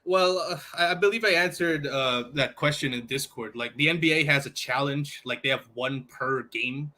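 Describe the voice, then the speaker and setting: A man co-hosting a casual talk show, joking with quick asides. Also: mid-range voice, sharp tone. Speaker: co-host. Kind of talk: casual podcast chat.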